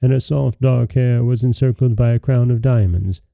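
A man hosting a podcast, narrating a fairy tale in a calm, even storybook way, on a dry, dull lo-fi recording. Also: mid-range voice, normal speed, gravelly, no room sound.

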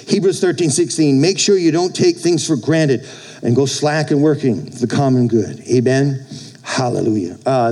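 A man's voice: fairly high pitch, a little mellow, poor audio. A middle-aged male pastor preaching a sermon, exhorting the congregation with frequent calls for amen. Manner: exhorting, with call-outs for amen.

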